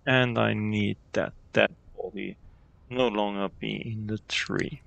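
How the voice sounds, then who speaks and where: Gravelly Austrian streamer. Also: male voice, on the low side, steady tone, a little slow, fairly bright tone, no echo, dull audio. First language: German. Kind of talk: let's play commentary, reading game text aloud.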